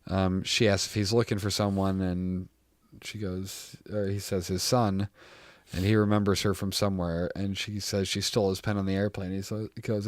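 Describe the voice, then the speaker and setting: Brief: young male co-host, lowish voice, dry close sound, lively and profane when retelling scenes. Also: normal speed, no room sound. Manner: animated, retelling scenes with quoted lines, swears freely. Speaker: podcast co-host. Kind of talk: casual chat recapping a TV show.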